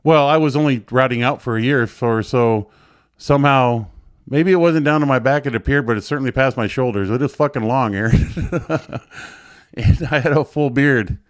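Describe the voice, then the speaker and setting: A man's voice: mid-range voice, normal speed, no room sound, studio quality. A man telling a painful personal story in a blunt, rambling way, swearing freely and joining a live show remotely. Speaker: guest sharing his story. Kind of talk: emotional casual storytelling.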